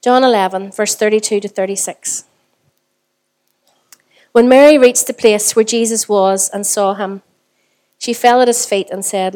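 A woman's voice: mid-range voice, measured pace, pauses often, darkish tone. A woman pastor with a Northern Irish accent, preaching a sermon in a conversational way and putting rhetorical questions to the congregation. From Northern Ireland.

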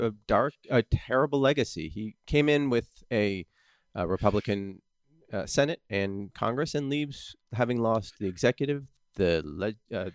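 A man co-hosting a podcast, talking haltingly with many pauses and dry sarcasm. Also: on the low side, no room sound. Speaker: podcast co-host. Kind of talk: casual banter.

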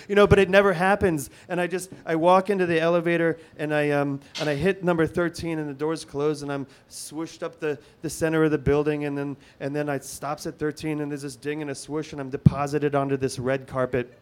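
A middle-aged man telling a comic personal story, halting and full of restarts, swinging between hushed and excited. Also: fairly high pitch, clear, resonant tone.

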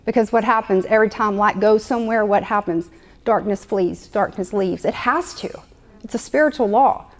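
A woman's voice: mid-range voice, normal speed. A woman preaching a sermon to a live congregation, conversational and playful, repeating her points often. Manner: conversational, repetitive, playful asides.

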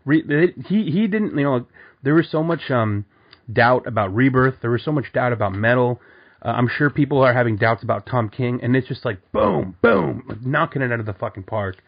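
A man's voice: mid-range voice, a little fast. A man co-hosting a casual comic book podcast, talking in a rambling way full of fillers and restarts. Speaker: podcast co-host. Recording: dull lo-fi audio.

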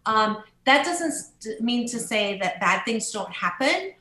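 A woman author and motivational speaker in an interview, telling stories in an upbeat, animated way and swooping up into high voices. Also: a little slow, roomy sound, a little hiss or hum, low-quality recording. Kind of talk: podcast interview.

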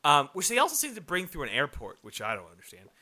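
A man's voice: fairly high pitch, wildly swooping pitch, quick pace, sharp tone. A man co-hosting a casual movie review chat, rambling and profane with lots of fillers. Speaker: podcast co-host.

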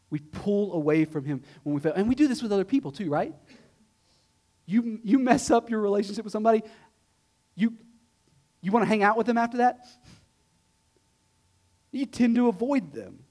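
High-voiced but with a darkish tone, a male pastor preaches in a conversational way. Rhetorical questions come often, and he drives home key points through emphatic repetition.

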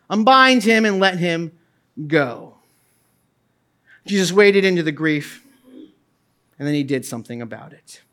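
A middle-aged man preaching a sermon as pastor, moving from hushed tones to loud calls, with casual asides. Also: extremely high pitch. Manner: impassioned, swings from quiet to loud.

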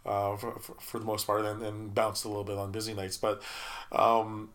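A man's voice: lowish voice, monotone, moderate pace, fairly bright tone. A middle-aged man telling work stories in casual chat, stumbling through restarts and repeated words and laughing often.

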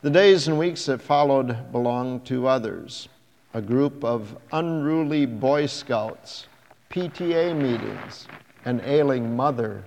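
A man reading a first-person story aloud in a measured, reflective way. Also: medium pitch, vocal fry, a little mellow. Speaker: narrator. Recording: long hall reverb.

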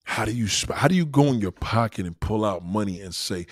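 A man's voice: lowish voice, animated, brisk, few pauses, slightly rough, dry recording, clean studio sound. A man delivering a profane, emphatic ranting monologue full of rhetorical questions, talking to a livestream audience.

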